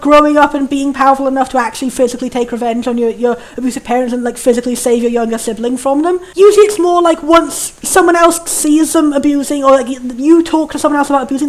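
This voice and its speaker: A young woman commenting on a game as she plays, talking in halting bursts with lots of stammered restarts. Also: high voice. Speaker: game reviewer. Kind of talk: let's-play game commentary.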